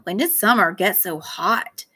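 A woman's voice: medium pitch, unhurried, sharp tone, slightly rough. Female reader as a joking schoolboy, offhand and blunt.

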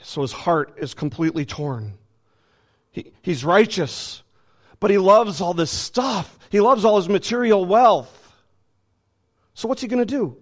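A man's voice: high voice, expressive, measured pace. A man preaching a sermon with emphasis, often repeating words as he builds a point.

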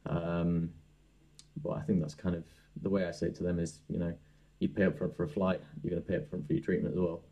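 A man's voice: deep voice, flat delivery, quick pace, dull audio. A young man, a dentist, hosting a casual podcast interview and talking with many fillers and restarts. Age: young adult.

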